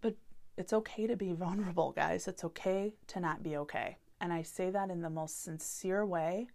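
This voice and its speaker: A woman's voice: fairly low pitch, normal speed, vocal fry, a little mellow. A woman in her thirties hosting a solo podcast, talking earnestly and openly about hard feelings. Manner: earnest, heartfelt and openly vulnerable. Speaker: podcast host. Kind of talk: candid solo podcast talk.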